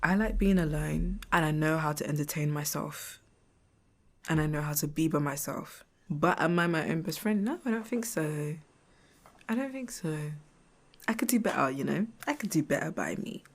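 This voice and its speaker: Low-voiced, frank woman in her twenties. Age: 20s. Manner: frank and chatty, swears, laughs often. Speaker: podcast host. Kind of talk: casual reflective solo podcast.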